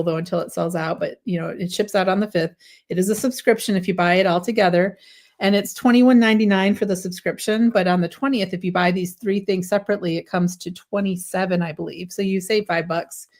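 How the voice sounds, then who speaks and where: A woman's voice: lowish voice, a little mellow. A woman hosting a live craft stream, chatting enthusiastically through a product demo, sometimes tripping over her words and correcting herself. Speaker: craft livestream host.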